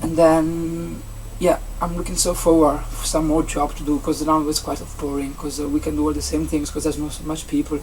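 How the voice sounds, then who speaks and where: A young adult vlogger from Italy with an Italian accent, a native Italian speaker chatting casually in English, rambling and halting with many restarts and fillers. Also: mid-range voice, little pitch movement, a little mellow. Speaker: vlogger, seasonal campsite entertainment worker. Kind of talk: casual vlog chat. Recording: distant mic with faint background noise.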